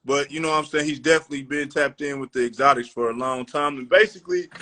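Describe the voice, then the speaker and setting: A man's voice: mid-range voice, fairly even intonation, quick pace, pushed and bright. A man hosting a live podcast in a loose, slangy way, calling out viewers and friends. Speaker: podcast host. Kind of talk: casual live-stream chat.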